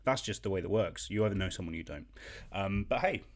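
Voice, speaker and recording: A man's voice: sits low, lively intonation, fast. A man hosting a casual online quiz from home, talking in a chatty, self-deprecating way with many hesitations. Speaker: quiz host.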